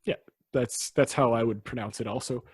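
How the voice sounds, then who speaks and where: A man with a slightly husky, mid-pitched voice talks through history on a podcast. His delivery is chatty and explanatory, and his sentences often trail off and restart. The sound is dry and close to the mic. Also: fairly even intonation, moderate pace, a little mellow, no room sound. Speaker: podcast host. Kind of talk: casual history podcast chat.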